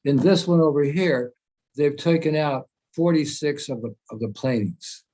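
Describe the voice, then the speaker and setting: A man's voice: fairly high pitch, normal speed, mellow, low-quality recording. A man in his eighties, from the United States, giving an emphatic, rambling talk over a video call. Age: 80s. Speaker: senior devotee speaker. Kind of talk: informal talk in a meeting.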